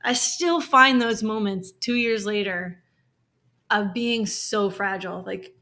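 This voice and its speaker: A woman's voice: mid-range voice, takes it slowly, bright, forceful tone. A woman co-hosting a podcast, talking openly and emotionally in a frank conversational way, with lots of "like". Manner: emotional, open, heavy use of "like"; frank, occasionally swears. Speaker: podcast co-host. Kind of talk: candid conversational podcast talk.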